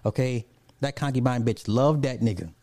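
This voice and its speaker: A male live streamer chats loosely with viewers, reading comments, breaking into animated rants, laughing often, and swearing freely. His mid-range voice is warm and mellow at a moderate pace, with a dry, close recording.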